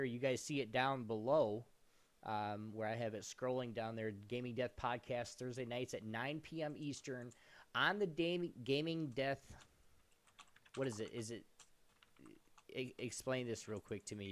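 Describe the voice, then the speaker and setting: A man co-hosting a live gaming stream show, rambling through plugs in a loose, casual way with restarts. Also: mid-range voice. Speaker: podcast co-host.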